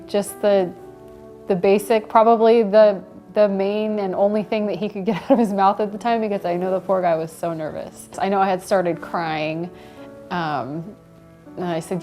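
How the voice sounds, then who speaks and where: A woman's voice: mid-range voice, fairly even intonation, moderate pace, a little mellow, soft background music. A woman chatting casually about her engagement, laughing lightly between phrases with many ums and likes. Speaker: bride telling how she was proposed to. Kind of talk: casual personal storytelling to camera.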